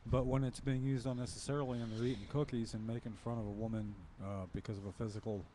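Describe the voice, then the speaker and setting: A man's voice: mid-range voice, little pitch movement, quick pace, dark tone, slight background noise. A man co-hosting a casual podcast, asking earnest questions. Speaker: podcast co-host. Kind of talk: casual chat.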